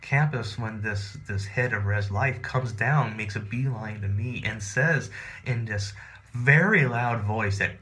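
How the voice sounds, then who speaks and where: A man telling a personal story in a rambling, animated, profane, casual way. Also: on the low side, measured pace.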